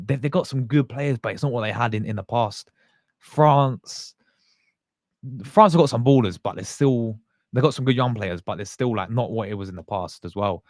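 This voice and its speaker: A man with a fairly low voice talks casually to his livestream viewers. He rambles in a loose, slangy way, often restarting his sentences. The sound is dry and close, with no room echo. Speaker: fan channel host.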